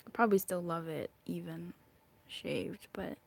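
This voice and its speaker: A woman's voice: lowish voice, unhurried, vocal fry, husky. A woman giving a chatty live tarot reading, bubbly and talkative, sometimes dropping into whispered asides. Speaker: tarot reader.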